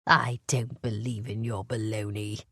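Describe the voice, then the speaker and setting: A woman reading an audiobook, voicing a frail, sharp-eyed old woman, sick in bed, who teases in a wry, blunt way. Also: a bass voice, sing-song, unhurried, no room sound, studio quality, exaggerated voice. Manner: wry and teasing. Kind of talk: audiobook character voice.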